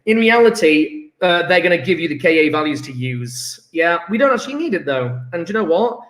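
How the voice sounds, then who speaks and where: A chatty man teaching chemistry, his voice sitting a little high for a man. He thinks aloud and gets enthusiastic as he works through homework answers. The sound bounces around an echoey room. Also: sing-song, a little fast, a bit bright. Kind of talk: recorded homework review lesson. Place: classroom.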